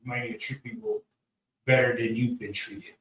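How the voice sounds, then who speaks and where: A class leader with a mid-range, fairly bright voice runs a group lesson in a preaching style, keeping his pitch flat and his pace moderate. He talks casually, repeats phrases, and asks the room to agree. The recording has an echoey room, a distant mic, and faint noise.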